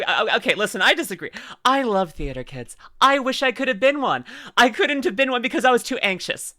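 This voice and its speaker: A man with a Canadian accent giving casual, rambling reaction commentary as a streamer, quick to laugh and exclaim. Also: sits high, sharp tone.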